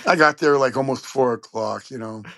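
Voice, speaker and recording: A man from Long Beach, California, a trumpet player telling lively anecdotes in a casual interview. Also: mid-range voice, moderate pace, creaky, no echo. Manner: animated anecdotes, acts out quoted voices.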